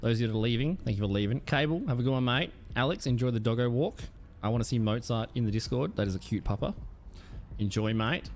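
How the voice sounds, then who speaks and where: A man's voice: mid-range voice, fast, slight background noise. A man chatting casually on a live stream, rambling with lots of ums and swearing. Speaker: Twitch streamer.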